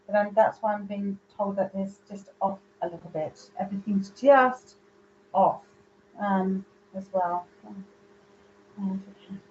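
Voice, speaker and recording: A woman works as a medium in a live online reading. She passes messages straight to viewers and calls them by name. Her voice sits at a middling pitch, and the sound is a little muffled, with a faint hum underneath. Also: a little mellow. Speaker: psychic medium.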